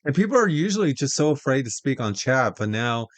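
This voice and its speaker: A man's voice: mid-range voice, very animated, fairly quick, dry recording. A man hosting a podcast in casual chat, joking and rambling with self-interruptions. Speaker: podcast host.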